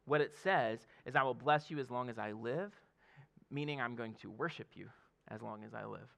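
A pastor in his thirties preaches a sermon in a loose, chatty style, laughing often and tossing "okay?" asides to the room. His mid-range voice is gravelly yet bright and forward.

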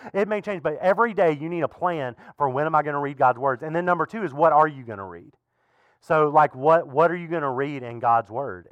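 A man preaching a sermon as pastor in a relaxed, conversational way, with frequent asides to the congregation. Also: a little high, no echo. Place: church.

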